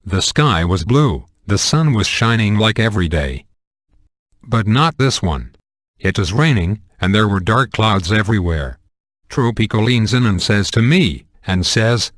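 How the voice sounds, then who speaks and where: A man reading an amateur comedic horror story, with a deadpan delivery and crude humor. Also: on the low side, measured pace, dry recording, studio quality. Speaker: narrator.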